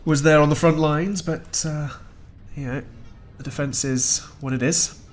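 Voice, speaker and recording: A man's voice: fairly high pitch, steady tone, measured pace, a little hiss or hum. A man giving chatty, wry play-by-play commentary on a strategy game match as the host, chuckling often. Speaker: esports caster.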